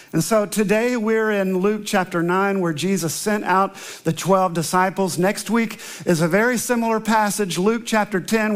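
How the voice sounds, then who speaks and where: A man pastor opening with prayer, then preaching a sermon in an earnest storytelling manner, slowing down to stress repeated lines. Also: high voice. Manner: earnest storytelling, emphatic slow repetitions.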